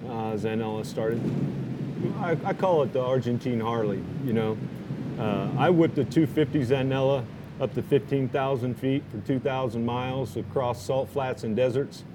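A man's voice: medium pitch, moderate pace, noisy background. Laid-back rambling biker man. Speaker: motorcycle traveler. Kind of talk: casual chat.

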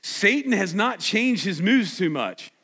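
Male preacher, emphatic sermon delivery, fairly high voice, reverberant hall. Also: very animated, a little slow, breathy edge. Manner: emphatic, rising to near shouts. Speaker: pastor. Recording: echoey hall.

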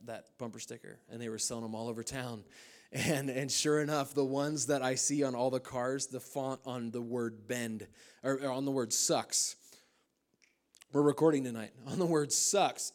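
A man from the United States, a pastor, preaching a sermon at a church service, telling stories with humor and loose fillers. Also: mid-range voice.

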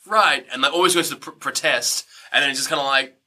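A man recapping a film in animated casual chat, laughing often and acting out the characters' lines. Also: mid-range voice, quick pace. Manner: animated, laughing, swearing, acts out voices. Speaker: podcast co-host.

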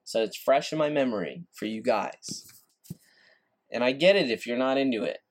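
A man's voice: mid-range voice, moderate pace. A man hosting a solo podcast, ranting in a frustrated, repetitive way and swearing casually. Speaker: podcast host.

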